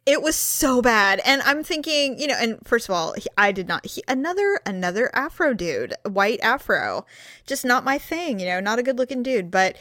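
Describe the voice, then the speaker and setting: A woman in casual chat, telling an animated story and laughing often. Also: a little high, moderate pace, no room sound, studio quality.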